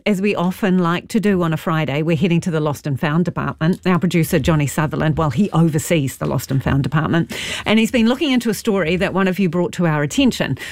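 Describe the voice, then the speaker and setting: Casual nz lady radio host, quick smooth links, dry close mic. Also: lowish voice, dry recording. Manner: brisk, polished links. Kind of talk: radio presenting. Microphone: studio microphone.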